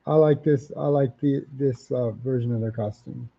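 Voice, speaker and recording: A man's voice: medium pitch, fairly even intonation, normal speed, gravelly, slightly rough, dull audio. A man hosting a live comic auction stream, chatting casually, repeating prices and titles and reading out viewer comments.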